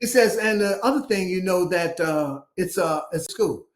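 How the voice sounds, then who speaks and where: Animated older man from Chicago. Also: high voice, normal speed. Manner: animated storyteller who acts out the dialogue. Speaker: guest, former basketball player. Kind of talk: storytelling interview.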